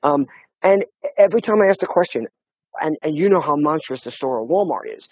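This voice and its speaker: A man with a high, husky voice tells lively stories in casual conversation, often starting over mid-sentence. The sound is tinny and phone-like and very dry. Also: quick pace, no echo. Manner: animated storytelling with many restarts. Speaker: guest.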